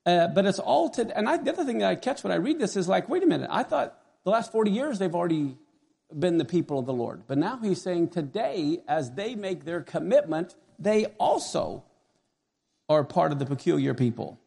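Man, middle-aged pastor, sermon, animated, asks the congregation questions, high voice, some fry. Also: moderate pace.

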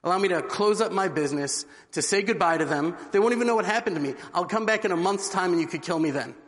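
A man's voice: high-pitched, fast, a bit bright. A man voicing a desperate traveler from an old story, pleading urgently for his life and his friend's. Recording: long hall reverb.

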